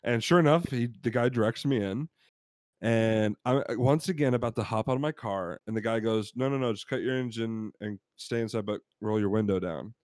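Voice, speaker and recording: Man with a low voice telling a rambling story. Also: a little fast, darkish tone, no echo, studio quality. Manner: rambling anecdotes with laughs, acts out quotes. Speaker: podcast co-host. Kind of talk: casual chat, storytelling.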